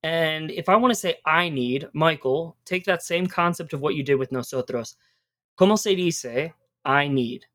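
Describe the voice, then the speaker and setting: A woman's voice: deep voice, normal speed, a bit bright. A woman hosting a podcast, teaching Spanish verb endings in a casual, encouraging way and spelling out words.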